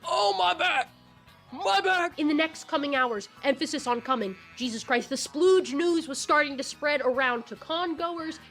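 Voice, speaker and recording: A woman recapping stories in a casual commentary, crude and joking with quick asides. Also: high voice, fairly bright tone, faint music behind. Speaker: YouTube commentator.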